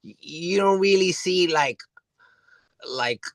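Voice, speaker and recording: A man's voice: high-pitched, animated, takes it slowly, fairly bright tone, no echo. A man telling a story as an interview guest, rambling, restarting often and swearing freely. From New York City.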